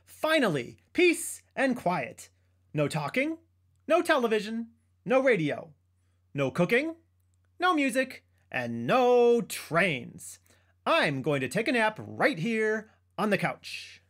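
A woman's voice: medium pitch, big pitch swings, slow. A woman doing a cranky sleepy chipmunk. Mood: excited. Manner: cranky and exasperated, sighing complaints. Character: grumpy sleepy chipmunk who wants peace. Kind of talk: children's puppet comedy.

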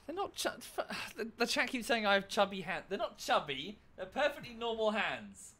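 Male streamer, bright tone, lively pitch, teasing banter with friends. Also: normal speed. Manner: joking, self-mocking banter. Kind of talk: casual gaming chat.

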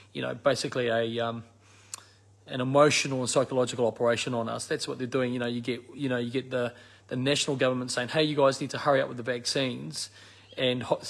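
Man, New Zealand accent, activist speaking to supporters, emphatic, repeats words, raspy throaty voice. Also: mid-range voice. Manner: emphatic, repeats words for stress, many fillers. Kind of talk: impassioned spoken message.

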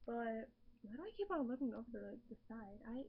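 A woman's voice: a little high, lively intonation, normal speed. A woman chatting casually in a rambling, self-deprecating way, recorded with a laptop webcam mic. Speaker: vlogger. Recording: dull lo-fi laptop webcam audio.

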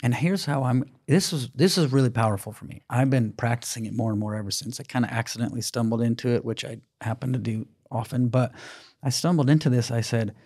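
A man co-hosting a parenting podcast, telling a family story in an animated way, acting out the quoted dialogue. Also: mid-range voice, quick pace, slightly rough. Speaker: podcast co-host. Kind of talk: casual parenting chat.

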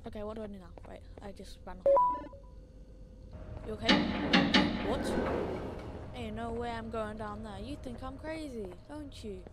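Loud game music and heavy background noise surround a woman with a fairly high voice who talks at a moderate pace with long pauses. She's a streamer doing a horror game let's play: jumpy and frequently shrieking in fright, yet soft-voiced as she coaxes and pleads with a companion.

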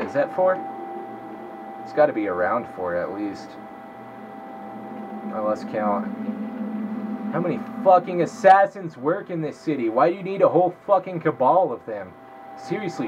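This gameplay commentator is a young man who mutters to himself while playing, his casual let's-play talk full of profanity. His voice sits in the mid range. The highs are cut off and the background is noisy.

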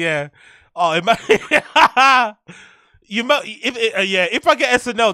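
A man hosting a live reaction stream, rowdy and excitable, laughing often and swearing. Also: sits high.

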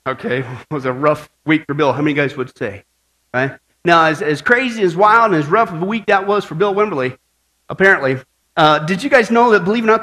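Male pastor, playful storyteller preaching a sermon, high and bright. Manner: playful storyteller, asks the crowd "right?". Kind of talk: sermon with jokes.

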